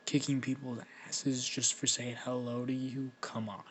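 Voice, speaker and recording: A man's voice: medium pitch, little pitch movement, moderate pace, slight background noise, close to an everyday voice. A man doing a sarcastic twelve-year-old girl. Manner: sarcastic, teasing.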